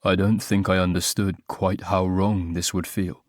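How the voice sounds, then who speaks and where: A man reading an audiobook, voicing a formal young man who is choked up and apologetic, speaking in a soft, halting way. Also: low-pitched, flat delivery, no echo, studio quality, voice pushed down.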